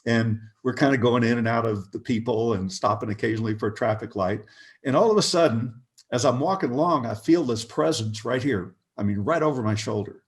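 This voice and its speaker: An older man, a guest on a video call interview, telling anecdotes with chuckles in an animated, storytelling way. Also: mid-range voice, a little fast.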